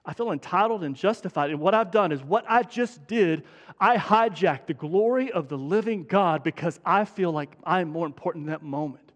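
At normal speed, a high-voiced male pastor gives a conversational sermon, emphatically repeating his points to drive them home. A long reverb from the church hall trails after his voice.

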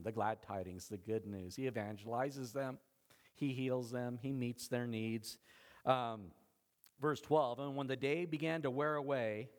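A man preaching a sermon as pastor, animated and conversational, often laughing. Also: mid-range voice.

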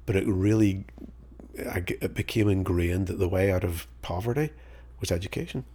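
A husky, low-pitched man from Northern Ireland tells stories as a podcast guest. He is middle-aged and animated, and he plays out each side of an old exchange as he goes. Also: moderate pace. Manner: animated storyteller, acts out both sides of old conversations. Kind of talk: casual storytelling interview.

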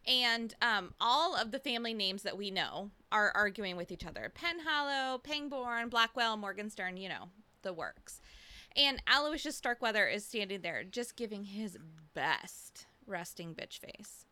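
A woman's voice: medium pitch, lively intonation, measured pace, pushed and bright, no room sound. A woman co-hosting a podcast, recapping a book in casual chat, laughing often and swearing now and then. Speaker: podcast co-host.

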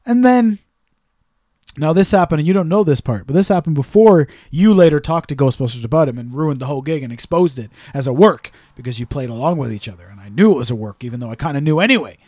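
A young man co-hosting a casual chat, telling stories excitedly, swearing freely and easily wound up. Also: on the high side, fast, dry recording, clean studio sound. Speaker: podcast co-host.

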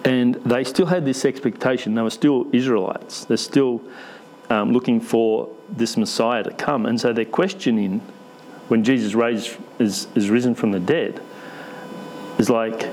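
A man's voice: mid-range voice, measured pace, a little mellow, slight background noise, rough recording. A man preaching a conversational sermon in church, asking the congregation questions with light humour.

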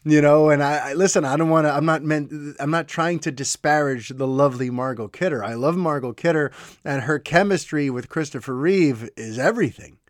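Podcast host, male, fairly high voice, enthusiastic and chatty, dry close sound. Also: fairly quick, no room sound. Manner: enthusiastic, chatty, with fillers and restarts. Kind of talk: casual commentary.

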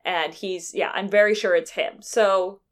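A woman's voice: mid-range voice, steady tone, measured pace. Co-host, woman, loose rambling recap delivery. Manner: rambling storyteller who acts out quotes. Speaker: podcast co-host recapping a game. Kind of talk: casual chat.

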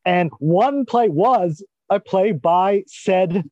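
A man's voice: high-pitched, animated, darkish tone, no echo, lo-fi sound. A man co-hosting a podcast in casual chat, playful and teasing. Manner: playful, teasing, quick to laugh. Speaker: podcast co-host.

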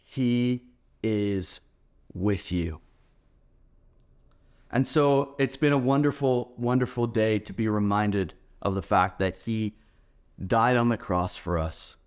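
A male pastor delivers a sermon in a fairly low voice. His preaching is earnest and emphatic, pressing each point home. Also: fairly even intonation, measured pace, clean tone.

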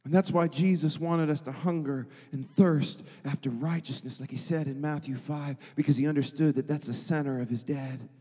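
Male pastor, higher voice, emphatic sermon delivery, reverberant hall. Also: steady tone, moderate pace, hardly any pauses, slightly rough. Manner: emphatic, swings from loud to hushed.

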